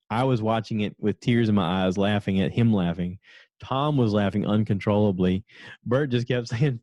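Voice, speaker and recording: A man's voice: medium pitch, a little mellow, dry recording. A middle-aged man hosting a solo podcast, rambling chattily and laughing as he retells stories. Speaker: podcast host. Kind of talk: casual solo podcast recap.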